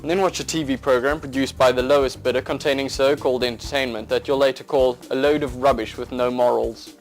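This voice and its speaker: A man's voice: mid-range voice, steady tone, fast. A man delivering a scripted, intense spoken-word monologue that builds to impassioned outbursts. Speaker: narrator. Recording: voice over loud background music.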